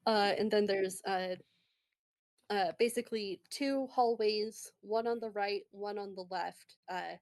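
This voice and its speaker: A woman's voice: mid-range voice, unhurried, a little mellow. A woman narrating a tabletop game as game master, meandering and full of fillers.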